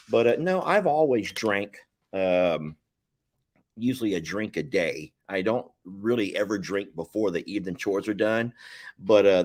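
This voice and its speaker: A man hosting a casual live chat, rambling and folksy, with occasional stammers. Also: on the low side. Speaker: livestream host.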